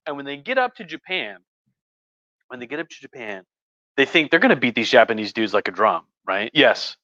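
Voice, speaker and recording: A tipsy man lecturing on history, talking in a loose, rambling and jokey way. His voice is bright and fairly high, with a slightly muffled livestream sound. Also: lively intonation, moderate pace. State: tipsy from red wine. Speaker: history professor host.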